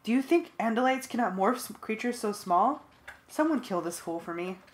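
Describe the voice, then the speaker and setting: A woman voicing a cruel male alien warlord who shouts orders with contempt. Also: a little high, expressive, normal speed, close to an everyday voice. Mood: furious.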